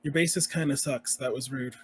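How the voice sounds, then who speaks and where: A man's voice: mid-range voice, fairly even intonation, brisk, a little hiss or hum. A man voicing his character in a tabletop role-play game, talking in a rambling way. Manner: rambling, many fillers and restarts. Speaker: player.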